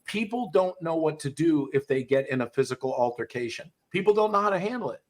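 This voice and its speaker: A man with a fairly high-pitched voice hosts a casual podcast chat. He talks bluntly and swears freely, throwing himself into animated stories. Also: brisk. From US South. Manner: blunt, profane, animated storytelling. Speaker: podcast host, dog trainer.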